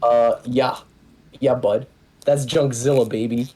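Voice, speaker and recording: A man playing a tabletop game, chatting casually in a halting, rambling way and swearing freely. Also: medium pitch, steady tone, warm tone, poor audio. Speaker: player.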